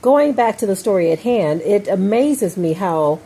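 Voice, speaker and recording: A woman's voice: mid-range voice, lively intonation, a little slow, warm tone, slightly rough. An American woman giving an emphatic opinion monologue, often checking in with "okay?" and "right?". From United States. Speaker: commentator.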